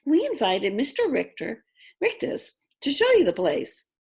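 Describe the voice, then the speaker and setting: A woman's voice: sits high, wildly swooping pitch, unhurried, gravelly, a little mellow, pitched above the performer's own voice, exaggerated voice. A woman voicing a doting mother who coos sweetly over the phone in a storybook reading. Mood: cooing. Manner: cooing, sweet.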